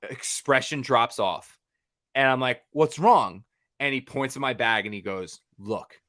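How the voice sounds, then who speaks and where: A young man on a podcast, telling a rambling, animated story full of fillers and restarts. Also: medium pitch, normal speed, smooth. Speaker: podcast co-host.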